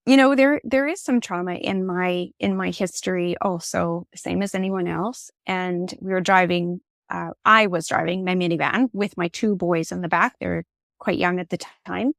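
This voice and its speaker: A woman in her forties, a podcast guest, telling a personal story in an expressive, candid way. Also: fairly low pitch, normal speed, vocal fry, no echo, clean studio sound. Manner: candid and reflective.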